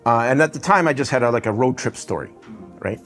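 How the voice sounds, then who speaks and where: A man's voice: medium pitch, animated, quick pace, fairly bright tone, soft background music. A middle-aged man with a Russian accent, an animation director chatting casually in an interview, loose and rambling with lots of "you know" and "right?". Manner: rambling, filler-heavy, often adds "you know" and "right?".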